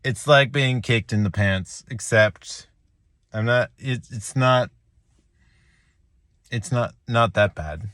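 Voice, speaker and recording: A man talking to his viewers after a lost chess game, joking at his own expense with halting restarts and small laughs. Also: medium pitch, a bit bright, dry recording, studio quality. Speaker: chess vlogger. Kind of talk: rambling self-deprecating reflection.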